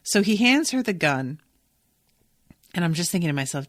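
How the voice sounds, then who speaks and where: A woman's voice: sits low, expressive, moderate pace, no echo, studio quality. A woman hosting a podcast, chatting casually and candidly through a recap, swearing freely and reacting with feeling. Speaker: podcast host.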